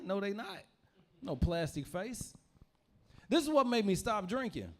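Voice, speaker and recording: A man's voice: on the high side, very animated, a little fast. A young man from Louisville, Kentucky, doing a stand-up comedy set in a loose, rambling storytelling manner with repeated phrases.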